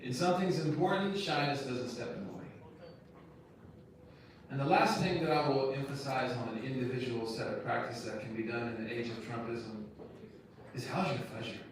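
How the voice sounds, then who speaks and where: In a university lecture room, an imam gives students a casual lecture, addressing them directly and conversationally with slang and rhetorical questions. His voice is medium-pitched at a moderate pace, captured from a distance in an echoey room with slight background noise.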